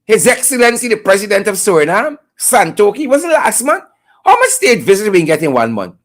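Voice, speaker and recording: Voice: medium pitch, sing-song, brisk. Sarcastic Guyanese live-stream commentator. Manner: sarcastic, mocking, emphatic repetition. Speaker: political commentary host.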